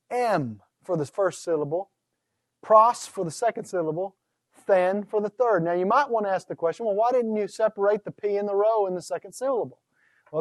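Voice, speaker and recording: High-voiced man teaching syllable rules. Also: a little mellow, no echo, studio quality. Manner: methodical, sounds out syllables slowly. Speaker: Greek instructor. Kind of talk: recorded lecture on pronunciation.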